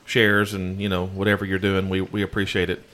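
A man's voice: deep voice, monotone, brisk, a bit bright, a little hiss or hum. A man co-hosting a podcast, chatting casually in a rambling way. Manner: rambling, many fillers and restarts. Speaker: podcast co-host.

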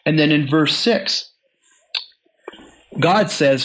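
A man giving an earnest Bible teaching, slowing down to stress the verses he reads and often restarting his sentences. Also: on the high side, expressive, slight background noise, low-quality recording. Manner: earnest, slows and stresses scripture readings; frequent restarts and repeated words. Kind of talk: teaching sermon.

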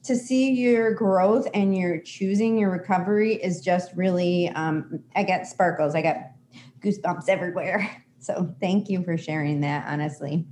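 Co-host, woman, low mellow voice, candid and animated. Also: normal speed, slight background noise. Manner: animated, candid, swears casually. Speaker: podcast co-host. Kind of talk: casual chat about recovery.

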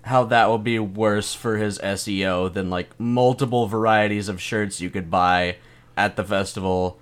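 A man's voice: lowish voice, steady tone, normal speed. A young adult man, a comedian, telling a story in casual, rambling talk full of swearing and laughter. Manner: rambling, profane, laughing often. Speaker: comedian guest.

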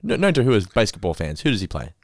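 A man's voice: fairly low pitch, sing-song, fast talker, no room sound. A man hosting a podcast, casually recapping an episode with laughs and the odd swear. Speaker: podcast host.

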